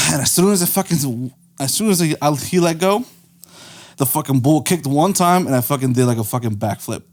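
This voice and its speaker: A man's voice: on the high side, moderate pace. A man in his twenties chatting casually as a podcast guest, telling stories with lots of swearing and laughter. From Mexico. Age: 20s. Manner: laughing, profane, animated storytelling. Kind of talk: casual chat.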